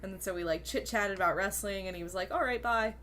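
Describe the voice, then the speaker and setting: A woman in easygoing podcast chat, her voice bright and forward at a medium pitch. She speaks in a laid-back way, trailing through fillers as she recounts things. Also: fast talker, a little hiss or hum. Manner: laid-back, chatty, drawls fillers like "yeah" and "um". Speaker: pro wrestler, podcast co-host. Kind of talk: casual chat.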